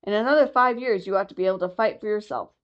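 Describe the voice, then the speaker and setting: A woman playing a steady old father seal. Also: medium pitch, fast, highs cut off, natural voice. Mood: advising.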